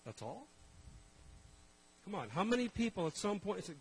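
A man preaching a sermon, telling stories in an animated way and calling out to the congregation. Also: high-pitched, moderate pace, long pauses, slightly rough, low-quality recording. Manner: animated storytelling, calls to the congregation. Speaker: pastor.

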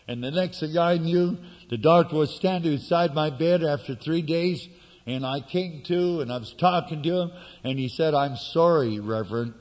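A man preaching a sermon, telling a personal story with sudden shifts between loud outbursts and hushed asides. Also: fairly high pitch, moderate pace, big-room sound.

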